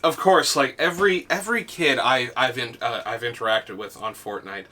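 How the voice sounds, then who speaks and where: A man's voice: mid-range voice, moderate pace. A young man hosting a casual podcast, telling stories animatedly with lots of restarts and some swearing. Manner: animated storyteller with frequent restarts and profanity. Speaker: podcast host. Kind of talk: casual chat.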